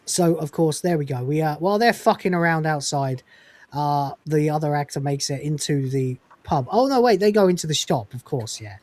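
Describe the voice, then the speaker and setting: A man's voice: fairly high pitch, normal speed, a little mellow, no room sound. A man hosting a podcast, chatting casually in a rambling, sweary, loose way over an online call. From England. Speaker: podcast host.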